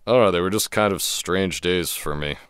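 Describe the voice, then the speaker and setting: Very deep-voiced young man. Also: fairly quick, fairly bright tone, clear, resonant tone, dry recording, studio quality. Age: 20s. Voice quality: unusually deep. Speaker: interview guest.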